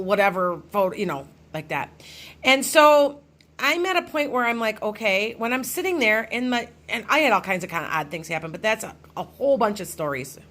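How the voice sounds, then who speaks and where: A woman's voice: mid-range voice, fairly bright tone. Rambling middle-aged woman telling a ghost story. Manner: rambling, many restarts and fillers. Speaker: psychic medium vlogger. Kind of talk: casual storytelling to camera.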